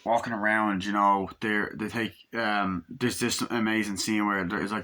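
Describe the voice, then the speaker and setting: A man's voice: fairly low pitch, steady tone, measured pace, pushed and bright. A young man casually recapping and reviewing a film, rambling, swearing, and acting out lines in raised voices. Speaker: movie reviewer.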